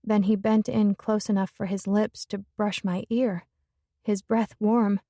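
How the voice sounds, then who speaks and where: A woman narrating a first-person romance audiobook in a measured, introspective way. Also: medium pitch, level tone, dark tone, no echo, studio quality.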